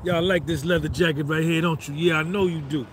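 A man in his fifties brags through a motivational rant on a live phone stream, with a fairly high voice. He swaggers and hammers each point by repeating it. Faint street traffic hums behind him outdoors. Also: steady tone, a little fast. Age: 50s. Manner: swaggering, repeats phrases for emphasis. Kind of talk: boastful motivational monologue.

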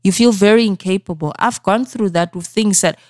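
A woman's voice: mid-range voice, brisk, a little mellow, dry recording, studio quality. Earnest woman coaching her podcast listeners. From South Africa. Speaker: podcast host. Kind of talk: motivational solo podcast talk. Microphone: studio microphone.

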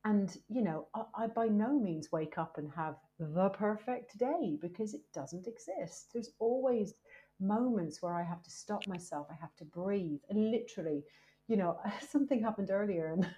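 A woman speaking as a guest in a candid podcast conversation, lively and emphatic, with many "you know" fillers. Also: mid-range voice, moderate pace. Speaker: guest, presenter and author.

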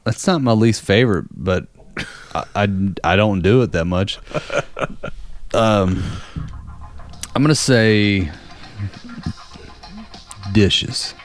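A man in casual conversation, telling a story and acting out the people in it with loud, high-pitched quotes. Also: drawn-out words, pauses often. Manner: animated, acts out quotes with loud high voices.

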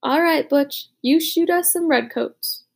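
A woman's voice: sits high, a little slow, creaky, voice pushed up. A woman voicing an earnest, anxious young boy caught up in a war, in an audiobook.

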